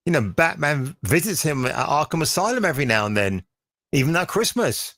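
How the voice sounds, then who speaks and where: A man's voice: on the high side, sing-song, a little fast, a bit bright, no room sound. A man in casual conversation, chatty and opinionated, talking about films. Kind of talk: casual watch-along chat.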